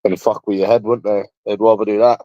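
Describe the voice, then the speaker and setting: A man's voice: lowish voice, level tone, fast talker, no room sound. Crude rambling man with a London accent. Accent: London English. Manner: crude, rambling, swears freely. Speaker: livestreamer. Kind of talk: casual monologue to viewers. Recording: dull lo-fi dry sound.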